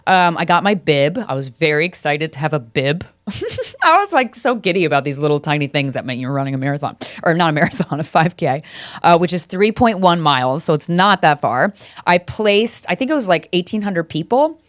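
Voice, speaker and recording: A woman's voice: sits low, fairly quick, dry recording, studio quality. Swearing, chatty woman podcast host. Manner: chatty, laughs often, swears freely, animated storytelling. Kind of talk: casual comedic monologue.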